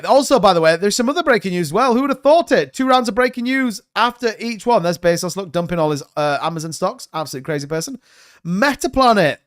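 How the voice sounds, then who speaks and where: A man hosting a live stream, giving rambling, chatty market commentary full of hedges. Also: high-pitched. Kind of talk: casual crypto market commentary.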